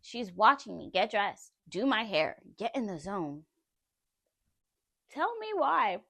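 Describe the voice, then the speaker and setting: Woman vlogging her story, lively up-and-down voice, dry close sound. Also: mid-range voice, measured pace, no room sound. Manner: animated, emphatic, laughs often. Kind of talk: personal storytelling.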